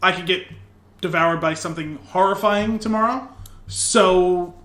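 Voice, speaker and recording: A man's voice: high voice, measured pace, fairly bright tone, reverberant. A man co-hosting a podcast, chatting casually and correcting himself as he goes. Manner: chatty, self-correcting, enthusiastic. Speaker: podcast co-host. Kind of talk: casual chat.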